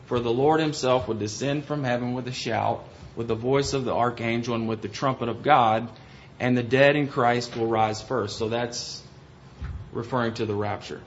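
A man's voice: mid-range voice, steady tone, moderate pace. Hesitant man teaching a Bible study. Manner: explanatory, hesitant with frequent ums and restarts. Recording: dull lo-fi recording with faint hiss.

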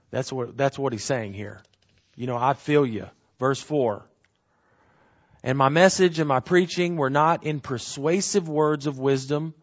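A man's voice: mid-range voice, lo-fi sound. A man preaching a sermon as pastor, earnest and emphatic, repeating key phrases and asking the congregation rhetorical questions.

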